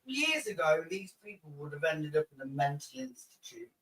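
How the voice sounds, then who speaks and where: A man's voice: on the high side, big pitch swings, normal speed, fairly bright tone. A man in a casual group chat, scoffing and incredulous. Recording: distant echoey mic with noise.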